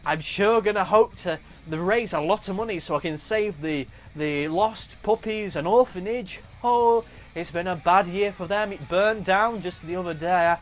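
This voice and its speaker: A man's voice: high voice, moderate pace, hardly any pauses, soft background music, natural voice. A man voicing a chirpy, naive male charity runner who talks in a wholesome, sugary gee-whiz way.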